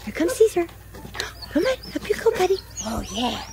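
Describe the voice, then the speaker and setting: A woman outdoors talking to puppies in a high, sing-song baby-talk voice. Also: big pitch swings, normal speed, gravelly, background noise. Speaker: dog owner filming puppies. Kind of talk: casual chat to puppies. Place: outdoors in a yard.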